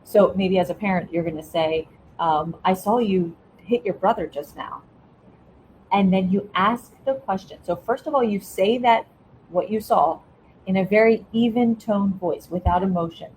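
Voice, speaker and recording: A woman's voice: medium pitch, moderate pace, darkish tone, slight background noise, rough recording. A middle-aged woman, a former school principal, talking casually as a podcast guest and explaining a method step by step while checking in with her listener. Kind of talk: casual interview talk.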